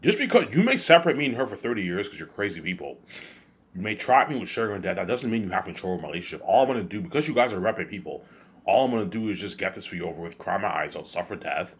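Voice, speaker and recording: A man's voice: sits low, lively intonation, rapid-fire. A man delivering an agitated, repetitive, accusing rant straight to camera. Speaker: vlogger. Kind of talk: ranting monologue to camera.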